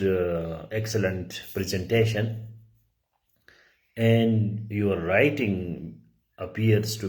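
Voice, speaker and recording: A middle-aged male teacher giving a lecture, explaining slowly, repeating key words and often clearing his throat. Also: low voice, darkish tone. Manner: slow, repetitive explaining with frequent throat clearing; restates key words for emphasis. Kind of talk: lecture on writing.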